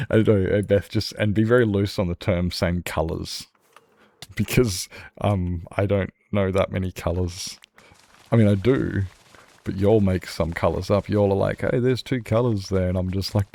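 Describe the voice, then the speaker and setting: Man, deep gravelly voice, rambling, laughs a lot. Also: a little slow, pauses often, a little mellow, no room sound. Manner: rambling, laughs often, self-mocking. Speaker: streamer. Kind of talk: casual gaming stream chat.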